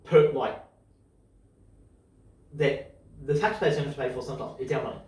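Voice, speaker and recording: A man talks casually and with conviction, speeding up and slowing down as his excitement builds. He sits a little away from the mic, and a strong room echo hangs on every word. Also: mid-range voice, far from the mic, slight background noise. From Australia. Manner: excitable, opinionated, speeds up and slows down. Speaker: podcast host. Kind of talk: casual chat.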